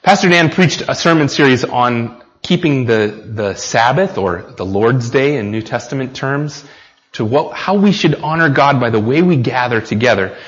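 A man's voice: mid-range voice, expressive, normal speed, long reverb tail. An American man preaching a sermon in an earnest way, talking straight to the congregation and asking them questions. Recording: slightly dull lo-fi recording.

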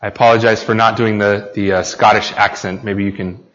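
A man's voice: on the low side, flat delivery, a little fast, a bit bright, in a large hall. An American man preaching a sermon in an earnest way, talking straight to the congregation and asking them questions. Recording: slightly dull lo-fi recording.

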